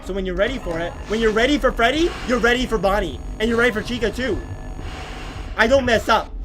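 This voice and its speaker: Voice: mid-range voice, fast talker, fairly bright tone, slight background noise. Playful game streamer joking with chat. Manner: playful, jokey, talks to chat. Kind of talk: casual gameplay commentary.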